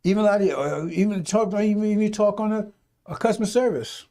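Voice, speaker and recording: Here the radio preacher sounds high-pitched and mellow, moving at a quick pace. He goes on unscripted over the stream, folksy and scolding, occasionally imitating people in mocking voices.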